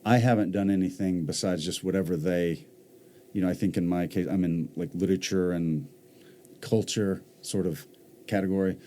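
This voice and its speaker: A man's voice: low voice, steady tone, normal speed, dark tone. A man from Mississippi, a voice actor talking casually in a podcast interview. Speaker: voice actor guest.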